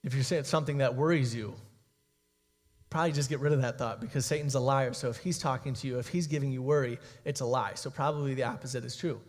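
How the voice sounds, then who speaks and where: Young male youth pastor, casual conversational preaching, mid-pitched voice, long hall reverb. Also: steady tone, quick pace. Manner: casual, conversational preaching with frequent "okay?" and "guys". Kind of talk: youth sermon.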